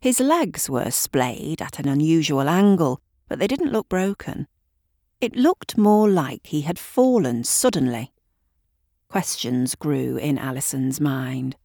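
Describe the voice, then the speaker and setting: A woman narrating a dark story in a measured, deliberate way. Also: low-pitched, animated, dry recording, clean studio sound. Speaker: audiobook narrator. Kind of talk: scripted narration.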